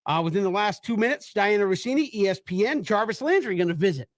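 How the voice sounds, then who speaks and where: A man co-hosting a sports talk radio show, chatty and quick, with playful asides. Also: sits high, animated, heavy background noise.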